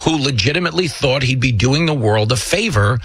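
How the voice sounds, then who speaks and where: A man's voice: medium pitch, lively intonation, brisk, a bit bright, husky, no room sound. A man hosting a political commentary show, talking emphatically and sarcastically. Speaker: show host.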